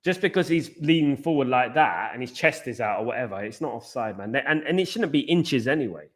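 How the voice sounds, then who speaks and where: A man's voice: medium pitch, animated, fairly quick. A man hosting a live football watchalong, chatting casually and drifting off on tangents. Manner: rambling, chatty, goes off on tangents. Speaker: watchalong host.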